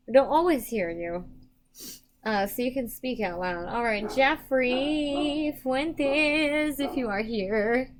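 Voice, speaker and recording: A young adult woman giving psychic readings on a live stream, chatting casually with viewers, emotional and quick to laugh. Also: medium pitch, slight background noise. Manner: emotional, chatty, laughs often, self-deprecating.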